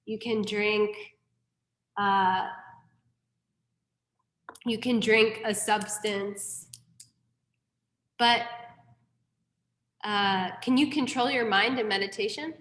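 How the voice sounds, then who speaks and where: In a reverberant room, a woman delivers a dharma lecture with a medium-pitched, steady, slightly bright voice, drawing out words and leaving long pauses. She stays candid throughout, adding mild profanity and self-deprecating remarks.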